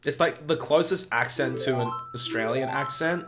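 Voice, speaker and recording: Man, streamer, casual chat, rambling, mid-pitched voice, game music under him. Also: normal speed. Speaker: speedrunner streamer.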